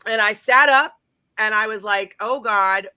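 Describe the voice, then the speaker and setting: Woman guest, bright voice, dry close sound, earnest ghost story. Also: fairly high pitch, moderate pace, smooth, dry recording, low-quality recording. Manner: earnest, repeats phrases. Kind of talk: telling a personal story.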